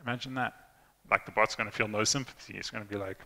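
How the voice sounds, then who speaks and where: A young conference speaker gives an informal tech talk in a lowish, gravelly voice that is bright and forceful, moving at a quick pace with fairly even intonation. He's chatty, full of fillers and restarts, and acts out quoted lines. The hall is reverberant.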